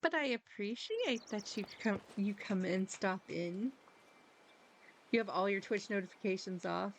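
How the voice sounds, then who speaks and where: A woman streamer chats loosely with her viewers while she plays, rambling and laughing at herself. Her voice sits at a middle pitch with a gravelly fry running through it, and a faint hiss lies underneath. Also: unhurried, rough recording. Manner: giggly, rambling, self-deprecating. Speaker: game streamer. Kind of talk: casual live-stream chat.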